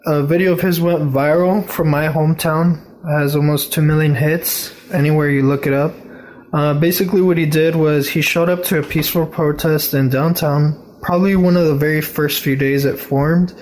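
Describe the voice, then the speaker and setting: A man's voice: a little high, steady tone, normal speed, darkish tone. A man leaving a voicemail monologue for a podcast, telling a story in a straightforward way.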